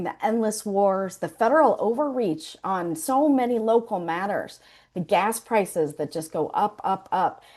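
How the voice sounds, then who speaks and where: A woman addresses an organizing call as a state director, speaking in an earnest and measured tone. She delivers a prepared speech to the listeners. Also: mid-range voice, darkish tone. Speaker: state director of a voter group.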